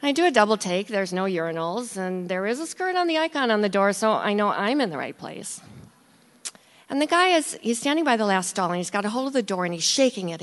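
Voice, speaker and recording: A woman who is a nurse telling a true story aloud in a vivid, animated way, building tension. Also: medium pitch, fast. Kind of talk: live storytelling.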